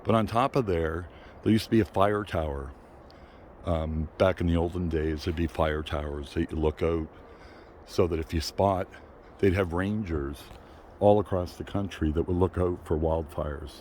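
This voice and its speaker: A man's voice: deep voice, moderate pace, a little mellow, a little hiss or hum. An older man vlogging casually on an outdoor park trail, out of breath and panting between phrases. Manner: chatty, panting between phrases, apologetic, laughs often. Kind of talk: casual walking vlog.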